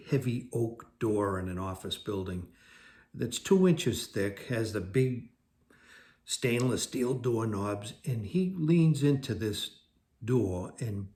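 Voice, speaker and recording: A man's voice: mid-range voice, darkish tone. A man telling a personal story about his past in a casual, rambling way, often restarting and correcting himself. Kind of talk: personal recovery story told to camera.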